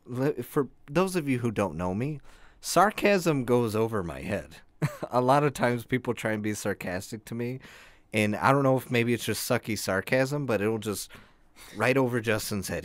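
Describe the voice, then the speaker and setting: A man's voice: mid-range voice, animated, normal speed, dry recording. A young man co-hosting a casual podcast, telling a story in a rambling way with many restarts. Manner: rambling, self-interrupting storyteller. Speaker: podcast co-host. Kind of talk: casual chat.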